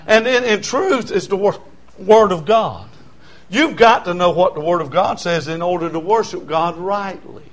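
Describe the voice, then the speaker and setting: An older man, preaching a sermon as pastor in a folksy storytelling way, swinging from quiet talk to shouting. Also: sits high, moderate pace.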